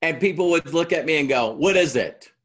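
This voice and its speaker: A man's voice: fairly high pitch, expressive, fairly quick, fairly bright tone, slightly rough. A middle-aged man giving a talk to an audience in a conversational way, acting out both sides of past dialogues as he tells a story. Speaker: motivational speaker.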